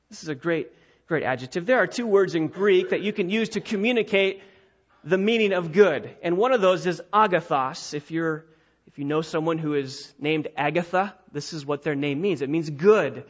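A pastor with a high, light voice preaches an expository sermon, moving point by point through his teaching. He leans hard into key words, lifting his voice higher and louder for emphasis. The recording sounds dull and lo-fi. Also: lively intonation, moderate pace. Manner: emphatic, building to raised pitch and volume on key words.

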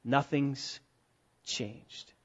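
A male pastor preaching a sermon, emphatic, with rhetorical questions, dropping to a hush and then rising to loud, urgent stretches. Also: mid-range voice, fairly even intonation, very slow, slightly rough. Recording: dull lo-fi recording.

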